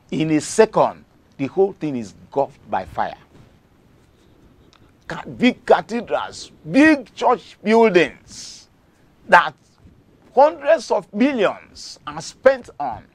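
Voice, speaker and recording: A man's voice: high voice, gravelly, dry recording. A middle-aged man with a Nigerian accent, preaching a devotional sermon emphatically and repeating key phrases.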